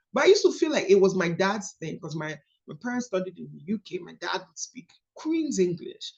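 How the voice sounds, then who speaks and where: A Nigerian woman in her thirties coaches a group, her mid-pitched voice swinging up and down with emphasis as she teaches and tells stories. The sound is a little dull and lo-fi, like a call recording. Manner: animated, storytelling, emphatic. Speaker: coach leading a book study call. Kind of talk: casual teaching talk.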